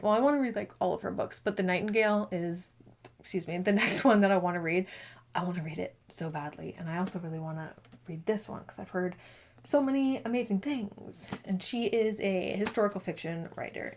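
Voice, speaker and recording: Young woman rambling about her book haul, says like a lot, normal pitch. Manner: chatty, rambling with frequent "like". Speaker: book vlogger. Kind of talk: casual chat.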